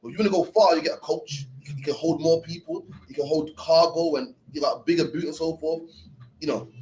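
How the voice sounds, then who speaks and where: A man's voice: a little high, fast, dark tone, poor audio. A young man leading a scripture class in a loose, blunt, slang-heavy teaching style. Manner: streetwise, blunt, peppered with slang.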